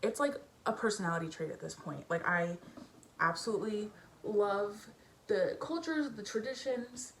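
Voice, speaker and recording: A young woman films a get-ready-with-me video in her home bedroom, chatting loosely as she applies makeup, with family noise downstairs. She speaks at a moderate pace in a mid-range voice, full of fillers and nervous giggles, and the audio carries a faint hiss or hum.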